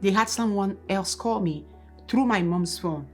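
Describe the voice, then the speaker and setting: Woman, co-host, emotional and tearful testimony, mid-pitched, faint music underneath. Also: unhurried, a little mellow. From Ghana. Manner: earnest and emotional, reliving events in detail. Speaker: co-host of a Christian couple's channel. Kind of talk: personal testimony.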